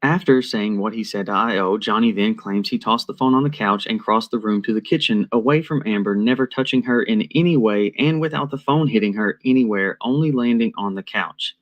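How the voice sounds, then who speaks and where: Measured, analytical man narrating a commentary. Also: fairly low pitch.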